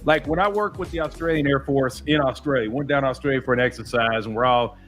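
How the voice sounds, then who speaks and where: A man's voice: medium pitch, fast, soft background music. An American man hosting a livestream, chatting casually and rambling through stories with lots of fillers. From United States. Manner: laid-back, rambling storytelling with many fillers. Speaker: livestream host. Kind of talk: casual chat.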